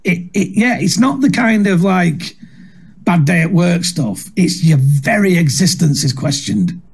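A middle-aged man with a Manchester-area Northern English accent tells stories from his career. His voice sits high and sounds slightly husky, and it swings widely in pitch. He mocks himself and laughs through his anecdotes. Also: a little slow. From England. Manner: lively, self-mocking, laughs through stories. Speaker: comedian guest. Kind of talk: anecdotal storytelling.

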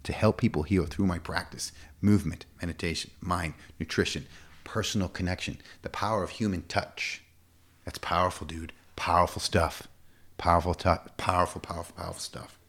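A man's voice: steady tone, a bit bright. A man in his forties, a fitness coach, talking casually and emphatically in an interview, often repeating himself. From United States. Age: 40s. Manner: emphatic, repetitive, quick swings up to a high pitch.

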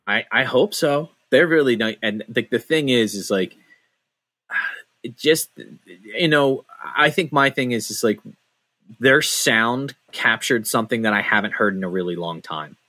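Rambling, mid-pitched podcast co-host. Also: male voice, a little slow, pushed and bright, no echo. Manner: rambling, restarts often, swears casually. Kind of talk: casual podcast chat. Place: his home.

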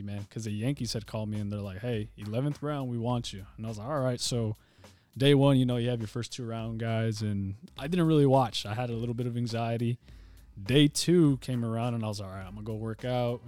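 A young former pitcher from Nogales tells his story as a podcast guest, laid-back and casual, often dropping "man" and "you know." He talks at a quick pace with a dark tone, over soft background music.

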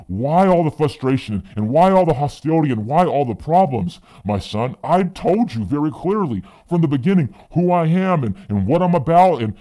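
A pastor voices God as a fatherly presence, patient and gently probing as he questions his wayward prophet. The voice is mellow and warm, and its pitch rises and falls widely. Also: rough recording.

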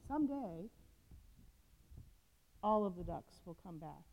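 A woman's voice: mid-range voice, sing-song, a little slow, pauses often. A woman pastor giving a homely, conversational sermon with the odd filler, then leading a prayer. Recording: long church reverb, dull lo-fi sound.

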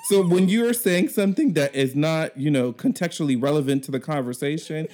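A man hosting a casual chat, telling a work story in an animated way, laughing often and acting out the people he quotes. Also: fairly high pitch, fairly quick, a little hiss or hum. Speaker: podcast host.

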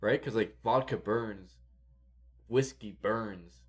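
A man's voice: on the low side, slow pace. A man hosting a casual podcast chat, telling rambling stories and laughing often.

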